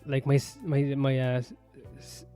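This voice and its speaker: An Irish man hosts his own podcast from a home with a sauna area in west London, soft piano playing in the background. His mid-range voice is flat and measured, with no echo, as he rambles through a crude, sardonic comedy monologue packed with swearing.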